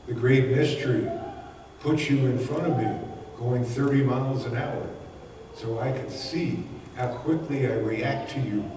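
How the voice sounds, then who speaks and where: Man teaching in a booming echoey hall. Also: background noise. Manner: folksy, anecdotal, chuckles often. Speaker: spiritual teacher. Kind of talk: conversational spiritual talk. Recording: echoey hall recorded from far off.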